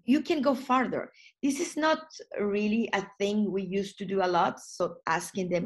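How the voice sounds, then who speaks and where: Woman giving a lively online English lesson. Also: mid-range voice, moderate pace. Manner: lively teaching, acts out short phone dialogues; non-native phrasing with frequent restarts. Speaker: English trainer for tourism staff. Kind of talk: online training webinar.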